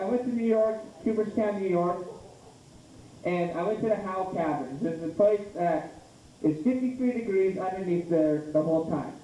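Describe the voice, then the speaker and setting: A man with a high, dark-toned voice does a rambling, self-deprecating stand-up set. He is caught from across a small bar room, so his voice is distant and soaked in echo, with a faint murmur of the room behind him. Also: slight background noise. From Idaho. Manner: rambling, self-deprecating, slips into mock ad pitch. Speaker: stand-up comedian. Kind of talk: open mic stand-up set. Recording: echoey room from far off.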